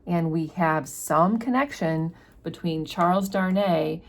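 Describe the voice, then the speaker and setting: A woman's voice: lowish voice, slow pace. A woman hosting a book channel, giving a casual, explanatory chapter summary with fillers.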